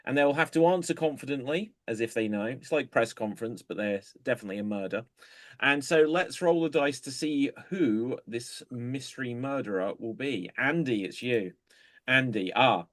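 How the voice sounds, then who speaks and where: A man's voice: mid-range voice, lively intonation, no room sound. A man hosting an improv comedy game on a video call, calling on players by name. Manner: brisk, calls on players by name. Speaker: improv host.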